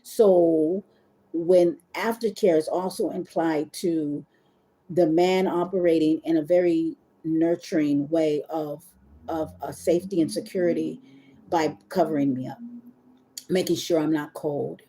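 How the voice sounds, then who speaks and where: A woman's voice: deep voice, fairly even intonation, measured pace, mellow. Candid rambling woman on a livestream. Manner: rambling, candid, addresses viewers as y'all; emotional, near tears at times. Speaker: webcam model hosting a livestream. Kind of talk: casual confessional livestream talk. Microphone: phone or webcam on a live stream.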